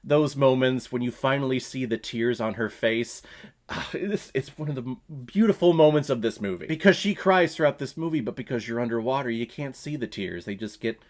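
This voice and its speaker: A man's voice: mid-range voice, a little fast. A man hosting his own movie review vlog, talking casually and emphatically and laughing often.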